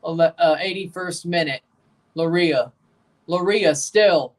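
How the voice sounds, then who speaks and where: A man's voice: fairly high pitch, a little slow, far from the mic. A man with a Southern US accent hosting a live match watchalong, chatting with viewers and calling out the minutes. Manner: chatty, responding to chat, calls out match minutes. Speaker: livestream host reacting to a soccer match. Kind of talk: casual live watchalong chat.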